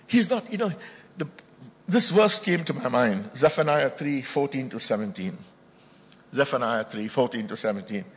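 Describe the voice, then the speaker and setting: A man with an Indian accent preaching a sermon as pastor, telling stories emphatically and rising to loud bursts. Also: medium pitch, lively intonation, moderate pace. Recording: long reverb of a large hall.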